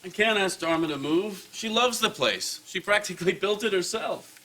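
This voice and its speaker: An actor playing an uptight, exasperated sitcom husband, with studio audience laughter behind. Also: male voice, high voice, animated, normal speed, sharp tone, a little hiss or hum. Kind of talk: sitcom acting.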